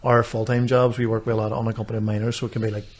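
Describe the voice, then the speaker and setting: A man, co-hosting a podcast and telling a funny anecdote in relaxed chat. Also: fairly low pitch, racing. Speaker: podcast co-host. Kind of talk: casual storytelling chat.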